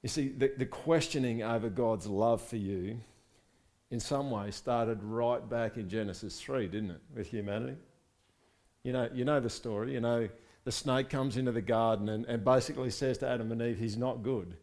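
Male pastor, lively sermon, questions the congregation throughout. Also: medium pitch, moderate pace. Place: church service.

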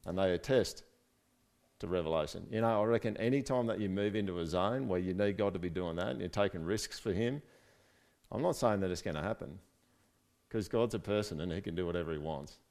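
A man's voice: low voice, a little fast, a little mellow. A man preaching a casual, conversational sermon, with joking asides and frequent "right?" check-ins to his listeners. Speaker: pastor.

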